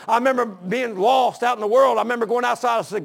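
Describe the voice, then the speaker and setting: A man preaching a fervent, folksy sermon that builds to shouting. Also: very high-pitched, quick pace, gravelly, few pauses.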